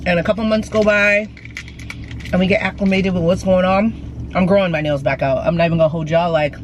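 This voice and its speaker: A woman's voice: fairly low pitch, rough recording. A pregnant woman in her thirties chats casually and candidly to her viewers, calling them y'all and mixing in plenty of slang. She records herself on a handheld camera, mostly from her car and at home. A faint hum of car and room noise sits behind her voice. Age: 30s. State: heavily pregnant. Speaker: vlogger. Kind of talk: chatty vlog talk.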